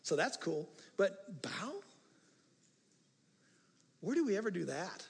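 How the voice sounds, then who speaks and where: Animated older pastor, husky voice. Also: male voice, sits high, slow pace. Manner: animated, swings from hushed asides to loud emphatic passages. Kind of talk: sermon. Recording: reverberant hall.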